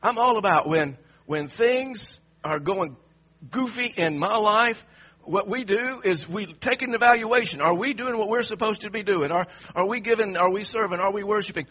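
A man preaching a sermon, emphatic and animated, repeatedly asking the audience pointed questions. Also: high-pitched, normal speed, slightly rough, lo-fi sound.

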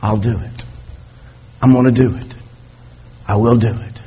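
A man voicing an anguished man pleading in prayer, speaking low and hushed in a husky voice on a dull, lo-fi recording. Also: steady tone, a little slow. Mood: resolved.

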